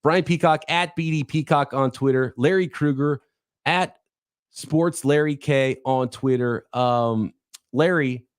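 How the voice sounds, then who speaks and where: A man's voice: mid-range voice, slow, smooth, no echo, clean studio sound. A man hosting an interview show, chatty and self-deprecating as he sets up his guest. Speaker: host. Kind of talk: casual chat.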